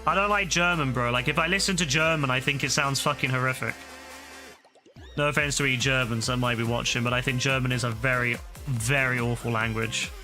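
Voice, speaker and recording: A man's voice: medium pitch, fairly even intonation, brisk, pushed and bright, soft background music. A young man chatting bluntly while gaming, swearing freely and rambling through his opinions. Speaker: gaming streamer. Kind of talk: casual chat while gaming.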